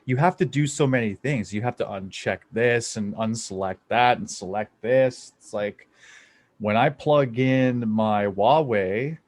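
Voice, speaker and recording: A man's voice: mid-range voice, unhurried, no echo. Young canadian guy hosting his podcast, rambles, swears a lot, sounds dry and close. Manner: excitable, profane, rambling. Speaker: podcast host. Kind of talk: casual podcast chat.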